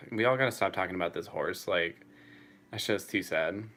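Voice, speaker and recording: A man's voice: low-pitched, normal speed, pushed and bright, a little hiss or hum. A young man answering chat casually on a live stream, swearing freely and laughing often.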